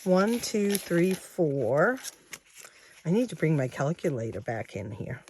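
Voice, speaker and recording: A woman in her sixties chatting casually to her viewers, counting money out loud as she goes. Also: low voice, sing-song, slow pace, a little hiss or hum. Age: 60s. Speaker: savings challenge vlogger.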